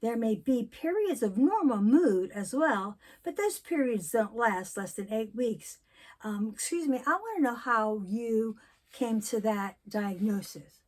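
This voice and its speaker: A woman in her sixties talking candidly in a personal vlog, telling stories and reflecting slowly. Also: on the high side, lively intonation. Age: 60s. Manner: candid storytelling, slow and reflective. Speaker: vlogger.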